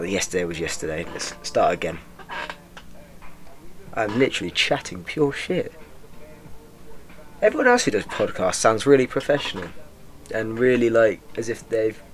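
Young man, low voice, deadpan rambling podcast host who swears. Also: a little hiss or hum. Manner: deadpan, self-mocking, swears freely. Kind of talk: rambling comic monologue.

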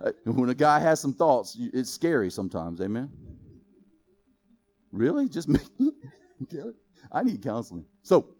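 A man preaching a sermon in a lively, joking way, quizzing the congregation with questions. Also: mid-range voice, measured pace, pauses often. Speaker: pastor.

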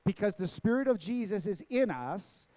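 A man preaches to his congregation, driving points home through repetition and pointed questions. His voice sits noticeably high for a man. The sound is dry and close, with little room echo. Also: expressive, moderate pace, mellow. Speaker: pastor. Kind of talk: sermon. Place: church sanctuary.

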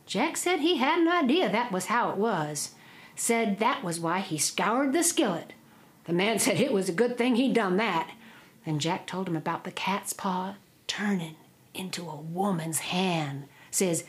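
A woman, telling an old folk tale in a drawling, expressive oral style. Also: mid-range voice, a little slow. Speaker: storyteller.

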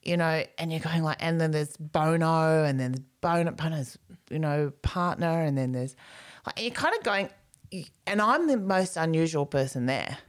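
A woman's voice: low voice, moderate pace. A middle-aged woman co-hosting a podcast, telling rambling anecdotes in casual chat and acting out voices. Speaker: podcast co-host.

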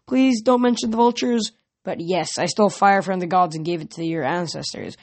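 A young man reading aloud, putting on a smooth, courteous voice for a tall male Titan in a storybook. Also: high-pitched, moderate pace.

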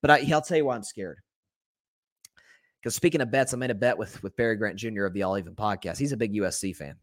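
A man with a fairly low pitch runs a one-man sports talk podcast, speaking with frank opinions and calling his listeners folks. His style is conversational, with fast self-corrections. The studio-quality audio has no room sound.

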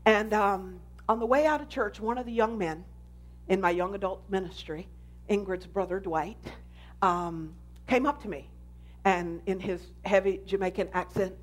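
A woman pastor giving an animated sermon testimony, telling her story with emphasis. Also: medium pitch, unhurried.

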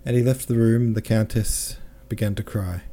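A man's voice: fairly low pitch, steady tone, moderate pace, dark tone. A man narrating a classic novel aloud, reading the dialogue with mild shifts in tone for each character. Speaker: audiobook narrator.

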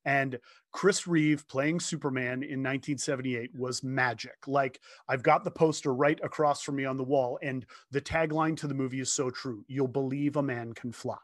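A man in his fifties, a guest telling a heartfelt story in casual conversation from his home office, earnest and animated, often restarting his sentences. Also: mid-range voice, normal speed, no echo, clean studio sound.

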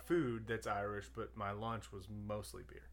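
Bright-voiced slangy man on a podcast. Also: fairly low pitch, little pitch movement, moderate pace. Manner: laid-back, slangy, swears freely. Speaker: podcast co-host. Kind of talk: casual banter among friends.

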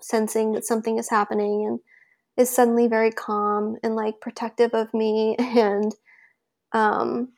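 This woman speaks a bit slowly in a fairly high, darkish voice with a flat delivery. She's an interview guest telling a personal story casually and loosely, full of filler words.

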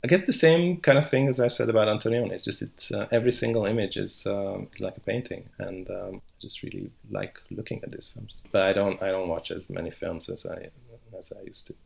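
A man's voice: on the low side, animated, fairly quick, creaky. A middle-aged man, a philosopher, talking as a podcast guest with many restarts and hesitations. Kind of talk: podcast interview.

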